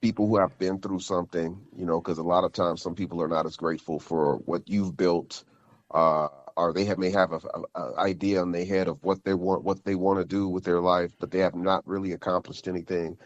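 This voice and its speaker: Man, podcast co-host, very deep voice, muffled lo-fi sound, stop-start delivery with repeated words. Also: level tone. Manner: halting, repeats words while building thoughts. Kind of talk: casual podcast chat.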